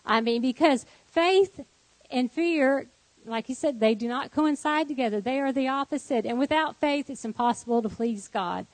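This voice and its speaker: Animated woman telling a faith story. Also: sits high, moderate pace, no echo, rough recording. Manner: animated storytelling, acts out both sides of quoted dialogue. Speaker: guest giving a testimony. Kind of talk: personal testimony on a faith program.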